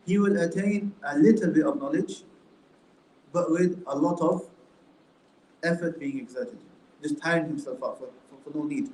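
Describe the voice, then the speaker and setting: Guy teaching a class from a book, keeps asking "right?", slightly high voice, echoey room. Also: darkish tone, a little hiss or hum. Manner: conversational, with many rhetorical questions and "right?". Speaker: Islamic studies teacher. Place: indoor classroom. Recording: roomy echo, faint room ambience.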